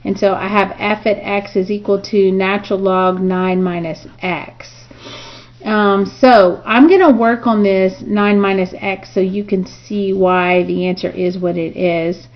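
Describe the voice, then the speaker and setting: A woman teaching a recorded math review, talking at a slow, unhurried pace. She walks through each step aloud and keeps checking in with her students. The recording is dull and lo-fi. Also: mid-range voice, fairly even intonation. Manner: talks through steps aloud, frequent "okay" and "right?". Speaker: math instructor.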